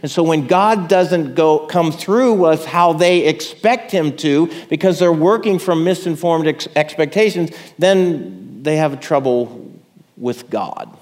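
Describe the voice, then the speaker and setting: A man's voice: on the high side, lively intonation, takes it slowly, a little mellow, big-room sound. A man preaching a sermon in a conversational way, checking in with his listeners. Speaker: pastor.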